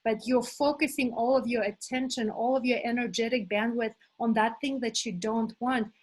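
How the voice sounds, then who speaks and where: A middle-aged woman leading a live motivational workshop as a coach, enthusiastic and animated, talking to her listeners as "you guys". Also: on the high side, normal speed, breathy edge, poor audio. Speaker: manifestation coach hosting an online challenge.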